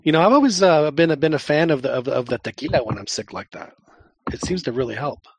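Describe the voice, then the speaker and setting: Husky-voiced man hosting a casual podcast. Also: on the high side, lively intonation, fast, dry recording. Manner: hesitant, many fillers, friendly. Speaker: podcast host. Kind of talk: casual chat.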